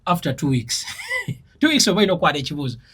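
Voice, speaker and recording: A man's voice: fairly high pitch, very fast, husky. A man from Uganda, an interview guest telling stories and explaining words like a teacher, laughing now and then. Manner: animated storyteller, laughs while explaining. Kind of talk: casual interview chat.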